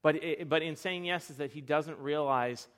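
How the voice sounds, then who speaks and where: A young man preaching a sermon, telling animated, self-deprecating stories with frequent restarts. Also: fairly high pitch, moderate pace. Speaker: pastor.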